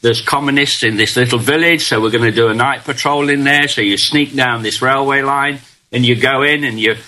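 An older man from Britain, a veteran guest telling his stories earnestly, pausing and restarting as he reflects. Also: medium pitch, pushed and bright, rough recording. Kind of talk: casual storytelling in an interview.

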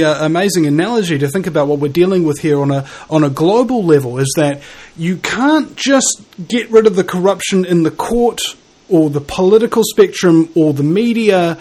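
A man from New Zealand with a noticeable accent and a slightly raised pitch for his sex. He muses aloud in a casual conversation, wandering through his thoughts. He stops and restarts his sentences often. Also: a little mellow, poor audio. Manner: musing, rambling and halting with many restarts.

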